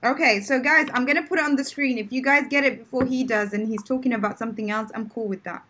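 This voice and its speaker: A woman with a somewhat high voice running a live-streamed English lesson, quizzing her guest. She is encouraging and breaks into laughter often. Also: fast talker, fairly bright tone, a little hiss or hum. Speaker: English teacher, host.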